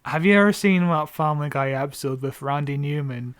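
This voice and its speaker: A man's voice: a little high, brisk, clean tone, no room sound. A man co-hosting a fan podcast in casual chat, laid-back and humming bits of music. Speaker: podcast co-host.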